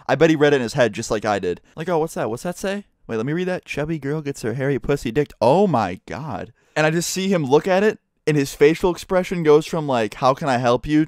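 A man's voice: mid-range voice, dry recording, studio quality. A young man casually telling a profane storytime, laughing as he goes. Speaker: storytime vlogger.

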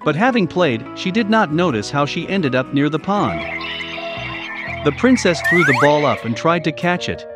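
A woman narrating a children's fairy tale in a gentle storytelling manner. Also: deep voice, animated, normal speed. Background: music.

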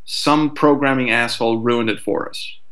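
A man talking as a guest on a casual podcast, animated and swearing freely, who acts out what a frustrated player would think. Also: medium pitch, moderate pace.

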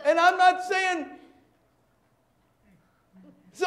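A male pastor preaching a sermon, telling stories with animated shouted bursts. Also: very high voice, slow pace, echoey room.

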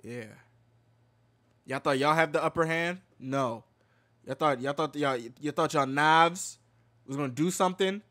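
Male streamer, bright lively voice, unhurried, laughs and swears a lot while reacting to clips. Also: on the high side. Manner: excitable, laughs often, swears freely; fumbles names and apologizes. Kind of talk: casual reaction commentary.

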